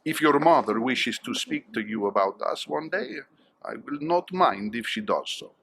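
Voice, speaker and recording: A dignified cardinal. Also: male voice, mid-range voice, lively intonation, a bit bright, a little hiss or hum. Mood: formal. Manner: measured, formal and courtly. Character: older male cardinal, dignified and discreet. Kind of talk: video game voice acting.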